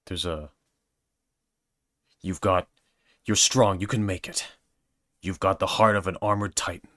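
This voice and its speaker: A man voicing an earnest young male soldier giving a halting pep talk, with a deep voice. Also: steady tone, bright, forceful tone, no echo, studio quality.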